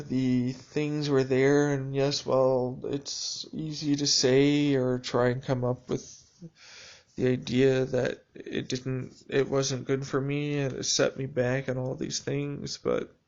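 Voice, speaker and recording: A man speaking a reflective, halting personal video journal monologue, with restarts and dry sarcasm. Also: medium pitch, flat delivery, darkish tone, lo-fi sound.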